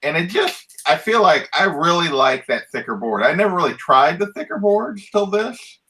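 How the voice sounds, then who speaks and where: A man's voice: high-pitched, sing-song, moderate pace, bright, forceful tone, rough recording. A man co-hosting a casual chat, explaining things in an agreeable, talkative way. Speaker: co-host.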